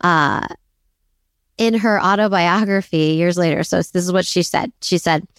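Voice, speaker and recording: A woman's voice: fairly low pitch, measured pace, no echo, clean studio sound. A woman co-hosting a casual history podcast, chatty and self-deprecating, laughing often as she tells the story. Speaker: podcast co-host.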